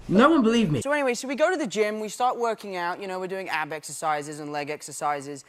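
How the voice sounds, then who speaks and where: Lively young man telling stories. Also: sits high, quick pace, few pauses, slight background noise. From England. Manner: animated storyteller, acts out others' lines with laughs. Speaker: actor being interviewed. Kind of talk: casual anecdote telling.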